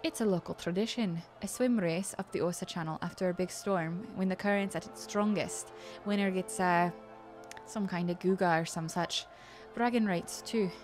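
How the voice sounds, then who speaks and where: Game bookie: woman putting on a drawling Deep South hustler, furry and sly, wheedling patter, music under. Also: normal speed, a little mellow, close to an everyday voice. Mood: sly, folksy. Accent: attempted American Deep South drawl. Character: sly folksy male bookie, a furry Orlan.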